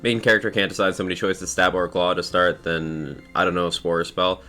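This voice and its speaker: Deep-voiced groggy streamer, casual chat. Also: male voice, flat delivery, a little fast, sharp tone, soft background music. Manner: reads out viewer names and thanks them, laid-back and chatty. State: groggy morning voice, tired. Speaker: live streamer. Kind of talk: casual live-stream chat while gaming.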